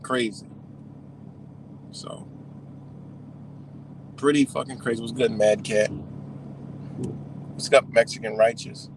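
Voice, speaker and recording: A man's voice: mid-range voice, steady tone, takes it slowly, pauses often, noisy background. A man hosting a livestream, ranting in a heated, profane, rambling way with scattered laughs. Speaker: livestream host. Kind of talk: profane casual rant.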